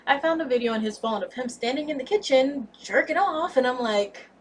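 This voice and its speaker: A young woman in her twenties telling a candid, blunt storytime vlog about a breakup, expressive and cursing freely. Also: sits high, brisk, slightly rough, distant mic. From United States. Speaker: vlogger.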